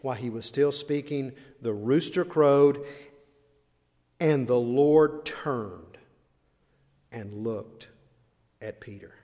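A male preacher delivering a sermon with dramatic swings between quiet, intimate asides and loud, drawn-out emphasis. His voice sits at an ordinary middle pitch for a man. The sound rings with the long reverb of a big hall.

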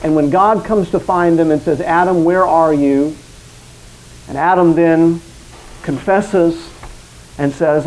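A man's voice: a little high, steady tone, slow pace, long pauses, a little mellow, slight background noise, rough recording. A man preaching an evening sermon, speaking earnestly and directly to his listeners and acting out quoted lines.

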